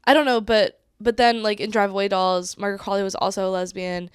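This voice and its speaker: A woman's voice: medium pitch, little pitch movement, fast talker, clear, resonant tone, no echo, studio quality. A woman in her twenties co-hosting a podcast, chatting casually and bluntly. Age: 20s. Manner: blunt, jokingly harsh movie critic. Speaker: podcast co-host. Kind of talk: casual chat.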